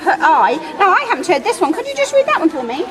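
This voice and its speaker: A woman's voice: extremely high pitch, big pitch swings, fast talker, crowd noise. A woman teacher talking with young pupils in an encouraging, upbeat way. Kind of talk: classroom talk with pupils. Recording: busy classroom with children chatting.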